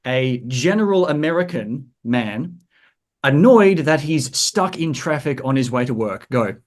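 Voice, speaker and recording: A man's voice: mid-range voice, expressive, unhurried. A man hosting a podcast, asking playful, teasing questions. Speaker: podcast host. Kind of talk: casual podcast interview.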